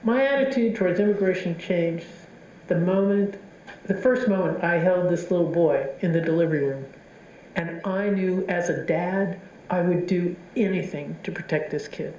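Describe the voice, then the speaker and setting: A woman's voice: fairly low pitch, moderate pace, dark tone, slight background noise. A woman giving an impassioned public speech to an audience, telling stories earnestly as a Catholic advocacy speaker. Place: university lecture hall. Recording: echoey hall recording.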